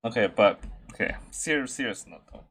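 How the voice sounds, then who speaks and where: A man's voice: fairly low pitch, animated, fairly quick, a bit bright. A laid-back man hosting a casual group podcast, putting questions to his guests. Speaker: podcast host.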